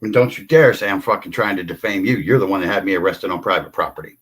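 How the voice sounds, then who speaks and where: An older man in an angry, profane livestream rant, confrontational and shouting at times. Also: sits low, fast talker, husky.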